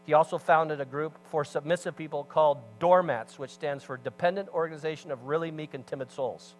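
Animated storytelling pastor, higher male voice. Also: brisk, faint music behind, rough recording. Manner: animated storyteller, swings between loud emphasis and hushed asides. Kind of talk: sermon with storytelling.

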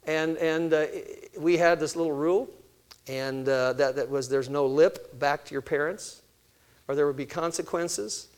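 An older man giving a sermon-style talk on parenting, animated, asking his listeners questions and answering them himself. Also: fairly high pitch, measured pace, smooth. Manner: animated, acts out family conversations. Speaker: parenting speaker.

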